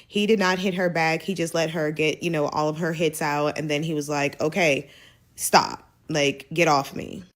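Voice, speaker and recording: Low-voiced woman telling a story. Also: normal speed, hardly any pauses. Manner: animated, slangy, cursing, acts out quotes. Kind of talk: casual storytime.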